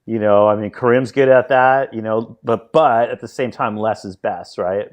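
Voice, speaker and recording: A man's voice: on the low side, normal speed. Casual man telling stories. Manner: rambling, anecdotal, frequent restarts. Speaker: podcast host. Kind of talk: casual chat.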